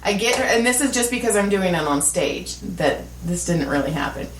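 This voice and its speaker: A woman's voice: mid-range voice, a little fast. A middle-aged woman co-hosting a podcast, telling a comic story with lots of laughter and swearing. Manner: animated, laughing storyteller who swears freely. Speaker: podcast co-host. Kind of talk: casual comedic storytelling. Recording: echoey room, mic at a distance, faint noise.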